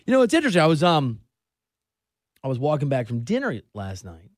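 A man's voice: fairly high pitch, huge pitch swings, a little fast, dry recording, studio quality. A man in his forties hosting a sports radio show, chatty and opinionated in a casual monologue. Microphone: studio microphone.

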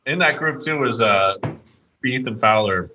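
A man's voice: medium pitch, expressive, a little slow, bright, forceful tone, highs cut off, a little hiss or hum. A man co-hosting a podcast, chatting casually about golf with a rambling, restart-heavy way of talking. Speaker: podcast co-host. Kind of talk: casual sports chat.

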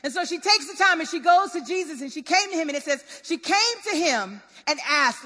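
A woman preaching a sermon in a lively, conversational, relatable way. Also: high-pitched, a little fast, hardly any pauses. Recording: long hall reverb.

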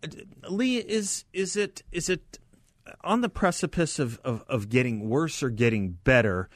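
A talk radio host with a higher-pitched voice interviews a guest and reads out the station's phone number, keeping things conversational with quick affirmations. The recording is dry and studio quality.

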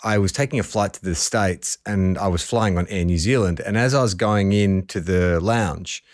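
A man's voice: low voice, moderate pace. An Australian man, a podcast guest, telling stories in casual chat and laughing often. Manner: animated storyteller, laughs often.

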